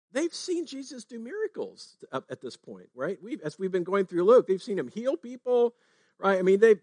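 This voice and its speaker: A man's voice: high voice, dry recording. A man preaching a sermon in a conversational way, often checking in with "right?". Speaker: pastor.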